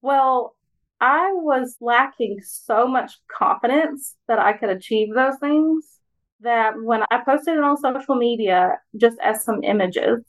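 A woman speaks in an earnest, steady way as a podcast guest. Her voice sits a touch high, and her tone stays encouraging. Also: slow, poor audio. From Alabama, US. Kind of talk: personal reflection in conversation.

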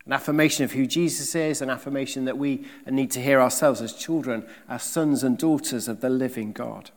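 A man preaching a sermon, emphatic, with rhetorical questions and swings between loud and soft delivery. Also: medium pitch, fairly even intonation, brisk, big-room sound.

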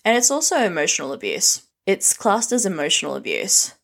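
Young woman vlogger, mid-pitched, blunt and profane, casual rant to camera. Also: wildly swooping pitch, brisk, vocal fry, fairly bright tone. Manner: blunt and frank, swears freely.

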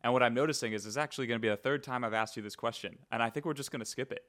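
A man's voice: medium pitch, racing, fairly bright tone. A man hosting a podcast interview, asking questions in an easygoing, casual way. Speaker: podcast host.

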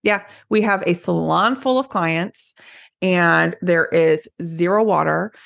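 A woman's voice: fairly low pitch, takes it slowly, gravelly, fairly bright tone. A young woman co-hosting a casual podcast, chatting and laughing along with her co-host. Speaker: podcast co-host, salon owner. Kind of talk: casual chat.

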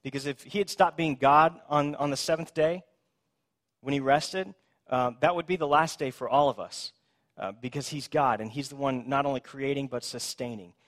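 A man preaching a sermon, telling the scripture story in a conversational, animated way and acting out the people in it. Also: medium pitch, moderate pace. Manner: conversational, asks "right?".

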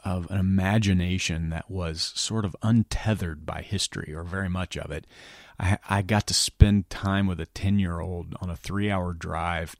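A middle-aged man giving a reflective motivational talk, earnest and halting, often dropping to a soft near-whisper. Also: low voice, vocal fry, no room sound, studio quality. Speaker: speaker.

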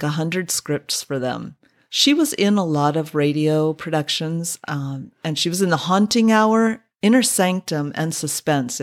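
A woman hosting a podcast, chatting wryly about an old radio drama with many drawn-out "oh"s. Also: sits low. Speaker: podcast host.

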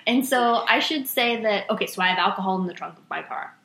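A young woman from Rhode Island telling a funny story in casual chat, animated and laughing often. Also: mid-range voice, quick pace, echoey room. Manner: animated, laughing often, acts out quoted voices.

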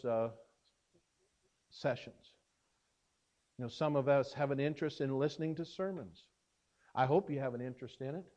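A man preaching a sermon as pastor, earnest and emphatic, pausing and restarting as he speaks. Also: on the high side, highs cut off.

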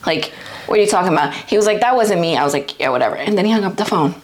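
A woman co-hosting a podcast, chatting casually, laughing and chiming in with quick agreement. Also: fairly low pitch, animated. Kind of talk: casual chat.

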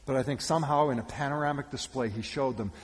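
A male pastor giving a sermon with animated storytelling, shifting between loud calls and hushed asides. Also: mid-range voice, quick pace. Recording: long reverb of a church hall.

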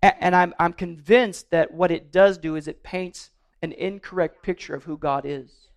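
A married adult pastor with a strikingly high voice delivers a sermon to his congregation at a moderate pace. His manner is earnest yet loose; he stumbles over words, repeats himself, and sprinkles in playful humor.

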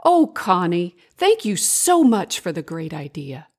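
A woman's voice: lowish voice, big pitch swings, a little slow, darkish tone, full character voice. A woman voicing a cheerful little female bug in a storybook, sweet and eager. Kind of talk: storybook character voice.

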